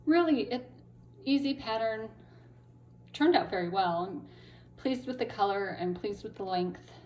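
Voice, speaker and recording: Her voice runs on the high side, a little mellow, with lively intonation and a measured pace. This crochet vlogger chats casually through her crochet and craft finishes, with frequent ums, while shaking off laryngitis and a lingering cough.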